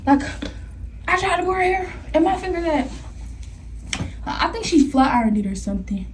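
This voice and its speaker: A young woman vlogger telling a story in an animated, slangy way, laughing often. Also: extremely high pitch, moderate pace. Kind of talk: storytime vlog. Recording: somewhat distant mic with faint noise.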